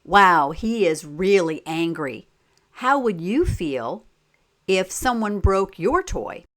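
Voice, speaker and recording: A woman reading a children's picture book aloud as a teacher, pausing to ask the listeners simple questions. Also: lowish voice, big pitch swings, a bit bright. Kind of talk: slow read-aloud storytime with questions.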